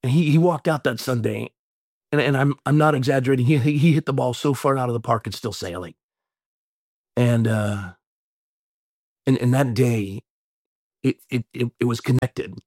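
A man's voice: mid-range voice, moderate pace, pauses often, darkish tone, no room sound, clean studio sound. A man who is a pastor, telling a long story in an interview, rambling with many restarts and folksy sayings. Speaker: pastor and mayor.

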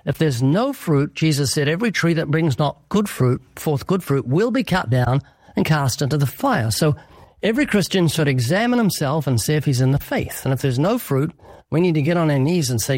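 A man preaches in an interview in an earnest, emphatic voice that sits a little high. He acts out quick exchanges to make his point. The recording is dry and close. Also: lively intonation, a little mellow, dry recording. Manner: earnest, emphatic, sermon-like with acted dialogue. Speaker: evangelist guest.

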